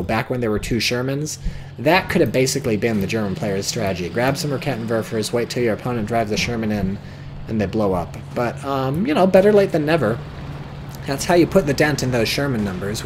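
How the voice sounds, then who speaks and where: Lively American man casting a strategy game. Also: mid-range voice, background noise. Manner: excitable, swears and yelps at big plays. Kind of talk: casual play-by-play game commentary.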